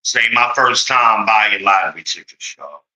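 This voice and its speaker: A man's voice: lowish voice, moderate pace, sharp tone, rough recording. A man venting to his viewers in a heated story, exasperated and swearing freely, with sudden mocking outbursts.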